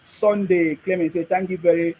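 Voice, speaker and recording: A man with a Nigerian accent and a noticeably high, dark-toned voice hosts a live stream, speaking at normal speed with fairly even intonation. He's emphatic and repetitive, preachily answering his viewers' comments. The rough recording carries slight background noise.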